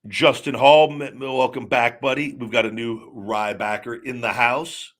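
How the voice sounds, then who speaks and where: A man's voice: mid-range voice, fairly even intonation, measured pace, a bit bright. A man in his forties hosting a live show, chatting casually and rambling through a story with many restarts and self-corrections. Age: 40s. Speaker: show host. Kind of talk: casual live-stream chat.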